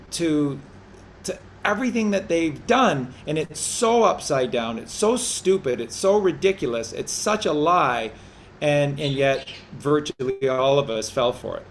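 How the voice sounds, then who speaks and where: A man's voice: a little high, slight background noise. A man co-hosting a community call-in chat, rambling and often restarting and repeating his words. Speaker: co-host.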